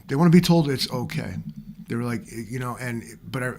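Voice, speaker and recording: A man's voice: mid-range voice, animated, moderate pace, a little mellow, a little hiss or hum. Profane rambling male vlogger. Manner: profane, rambling, talks to viewers directly. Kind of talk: casual rant to camera.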